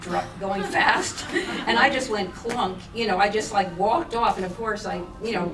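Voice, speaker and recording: A woman from India tells a story in a loose, chatty way, laughing as she goes and dotting her talk with fillers. She sits some way from the mic in a reverberant room. A steady hum runs under her voice. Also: medium pitch, a little slow. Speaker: storyteller at a gathering of friends. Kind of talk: casual anecdote telling. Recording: echoey room, recorded from a distance.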